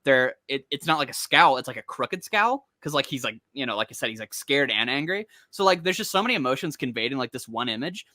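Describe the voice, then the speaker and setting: A man talking quickly and excitedly in casual chat, piling on filler words as he rambles. His voice is bright, the sound dry and close. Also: mid-range voice, no room sound. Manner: rambling, heavy use of "like", excited. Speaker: podcast co-host. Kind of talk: casual comic discussion.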